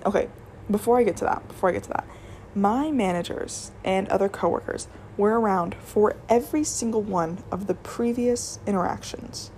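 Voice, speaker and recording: A young retail worker tells stories from her job in a casual storytime vlog, rambling along with plenty of "like" and restarting sentences. Her medium-pitched voice is a little mellow, and slight background noise can be heard.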